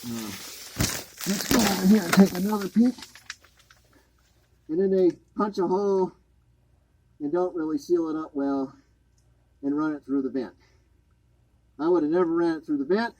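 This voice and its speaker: A man's voice: a little high, normal speed, long pauses, warm tone, slightly rough, no room sound, poor audio. A man ranting with sarcasm and anger while crawling under a home to point out a botched installation. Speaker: homeowner inspecting a botched install. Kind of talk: annoyed walkthrough vlog.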